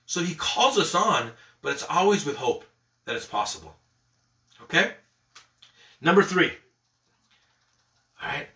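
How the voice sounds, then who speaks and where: A man, a priest, giving a morning prayer reflection in a lively, conversational way, checking in often with "okay?" and "all right?". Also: a little high, moderate pace, pauses often. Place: church. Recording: echoey church from a distance.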